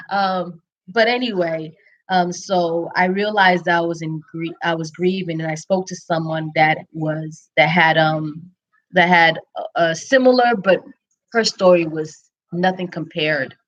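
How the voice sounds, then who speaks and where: A woman candidly telling her personal story of infertility and faith, reflective, with frequent pauses and restarts. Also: on the low side, muffled recording. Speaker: speaker sharing her story. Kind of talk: personal testimony, casual storytelling.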